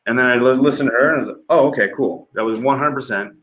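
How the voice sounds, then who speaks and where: A man's voice: mid-range voice, racing, fairly bright tone. Candid middle-aged man telling stories. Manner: candid, profane storytelling with frequent laughs. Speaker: podcast guest. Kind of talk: casual conversation. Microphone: livestream podcast mic.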